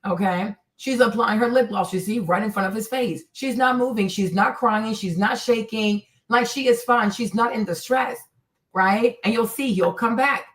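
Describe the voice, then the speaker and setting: A woman's voice: on the high side, normal speed, fairly bright tone. Emphatic woman commenting on a video. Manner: emphatic, repeats "you see" and "right"; acts out others' lines in quoted voices. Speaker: host.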